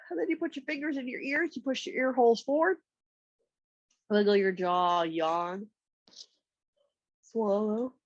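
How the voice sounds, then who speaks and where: A woman with a stuffy, congested voice, calmly giving slow step-by-step yoga and massage cues on a nearby mic. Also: fairly high pitch, no echo, muffled recording. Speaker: yoga instructor. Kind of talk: guided yoga instruction. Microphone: external mic nearby.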